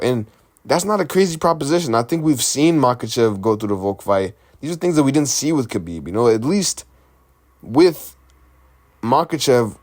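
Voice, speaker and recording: Host, male, middle-pitched, casual rambling fight-reaction talk. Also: darkish tone. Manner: rambling, conversational, lots of fillers and restarts. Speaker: MMA commentary host.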